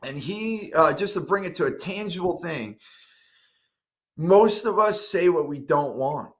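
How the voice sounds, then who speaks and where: A middle-aged man speaks with a fairly high, light voice. He tells his story earnestly as a talk-show guest. He gets animated and acts out the things he once said to himself. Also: measured pace. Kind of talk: interview storytelling.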